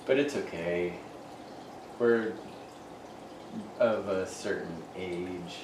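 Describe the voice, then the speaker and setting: A man's voice: low-pitched, very slow, recorded from a distance. A middle-aged man co-hosting a casual podcast, joking and rambling with frequent laughs. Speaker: podcast co-host. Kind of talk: casual chat. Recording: roomy, off-mic, faint noise.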